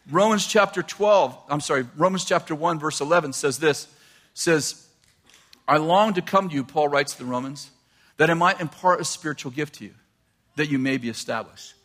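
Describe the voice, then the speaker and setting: An older man preaching a sermon, animated and laughing often as he quotes scripture. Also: a little high, normal speed, pauses often. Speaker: pastor.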